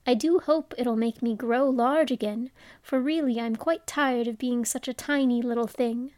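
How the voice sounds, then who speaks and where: A woman's voice: a little high, moderate pace, a little mellow, no room sound, studio quality, lightly acted. A woman voicing Alice, an earnest, curious young girl talking to herself in a storybook reading.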